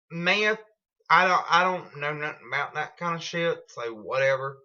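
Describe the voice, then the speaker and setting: A woman's voice: sits low, moderate pace, bright, forceful tone, muffled recording. A woman telling a rambling story at home in a blunt, profane, casual way. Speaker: vlogger.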